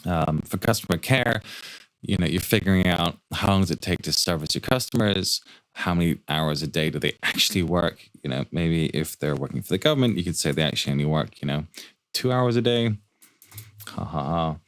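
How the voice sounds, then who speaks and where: A man teaching a fast spreadsheet walkthrough for startup finances, talking quickly with joking asides and rhetorical questions. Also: low-pitched, fairly bright tone, no room sound.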